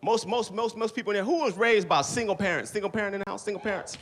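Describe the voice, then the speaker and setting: A middle-aged man doing a stand-up comedy set on a club stage, with loud, animated storytelling and constant swearing. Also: high-pitched, quick pace, a loud crowd, very noisy.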